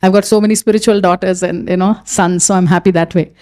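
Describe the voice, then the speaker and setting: A woman's voice: on the low side, fairly even intonation, fast talker, dark tone. A middle-aged woman, a pastor's wife, talking casually to a group of women. She keeps asking "right?" and saying "you know what".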